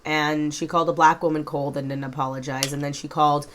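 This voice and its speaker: Blunt woman with a low voice. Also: a little fast, hardly any pauses. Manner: blunt, frank, swears casually. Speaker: commentary YouTuber. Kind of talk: reaction commentary.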